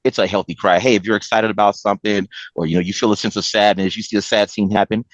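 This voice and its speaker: A man's voice: lowish voice, fairly even intonation, fast, no room sound, muffled recording. A man guest on a podcast, talking earnestly in casual chat, leaning on "you know" and laughing easily. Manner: earnest, repeats 'you know', laughs easily.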